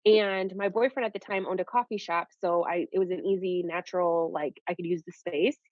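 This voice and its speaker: A young woman and nurse, telling her story in a casual, animated way and saying "like" often. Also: lowish voice, fairly quick, no echo. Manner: animated, peppers speech with "like". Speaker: nurse guest. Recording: dull lo-fi audio.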